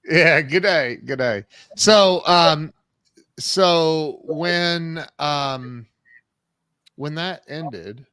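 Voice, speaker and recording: A man hosting a business interview show, reacting with quick interjections and asking long, searching questions. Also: a little high, pushed and bright, clean tone, dry recording, clean studio sound. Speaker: podcast host. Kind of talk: interview chat.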